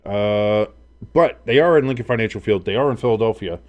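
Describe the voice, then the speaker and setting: A man's voice: on the low side, fairly quick, lo-fi sound. A man hosting a casual live sports stream, calling plays and reacting in a blunt, profane, rambling way.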